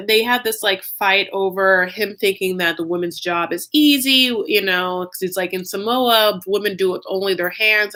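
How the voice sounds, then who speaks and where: A young man recapping a reality show in a campy, sassy, animated storytelling style, calling viewers "honey". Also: sits high. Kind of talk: casual comedic recap.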